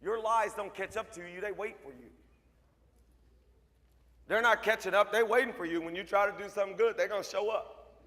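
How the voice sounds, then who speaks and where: A man with a high-pitched voice delivers a motivational speech at a school assembly, firing short punchy lines and teasing the students in front of him. His voice carries a long reverb from the large hall. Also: fairly even intonation, fairly quick, long pauses, sharp tone. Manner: punchy, joking, talks straight to the crowd. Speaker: motivational speaker.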